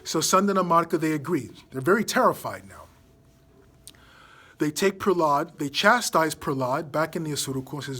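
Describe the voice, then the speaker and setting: A man telling a story to a children's class in a relaxed, casual way, slowing down for quoted lines. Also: on the high side, breathy edge.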